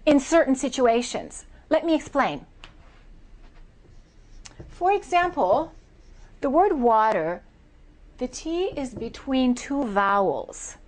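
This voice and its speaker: Slow, deliberate American woman teacher. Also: high voice. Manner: slow, deliberate, over-articulated demonstrations. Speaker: accent reduction trainer. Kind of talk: pronunciation lesson.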